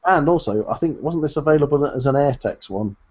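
A man's voice: fairly high pitch, lively intonation, brisk, a little mellow. A man co-hosting a podcast, rambling in a jokey way and laughing between his points. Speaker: podcast co-host. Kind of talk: casual chat. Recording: dull lo-fi sound.

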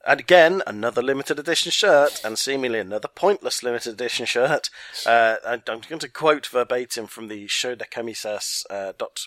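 A man's voice: medium pitch, animated, fairly quick, a bit bright. A man co-hosting a casual podcast, chatty and jokey, often laughing as he talks. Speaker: podcast co-host. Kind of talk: casual chat about football kits.

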